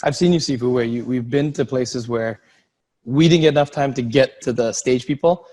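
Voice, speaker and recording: A man's voice: medium pitch, moderate pace, mellow. A man with a mid-range voice co-hosts a casual conversation. He mostly agrees and chimes in with short affirmations. Now and then he adds an example of his own. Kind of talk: casual chat.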